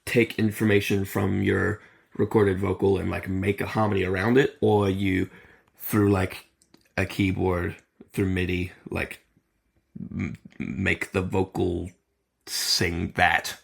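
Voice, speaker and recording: Male podcast co-host, low and gravelly, chatty and rambling explainer. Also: flat delivery, slow pace. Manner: rambling, explains at length with many fillers. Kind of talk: casual chat.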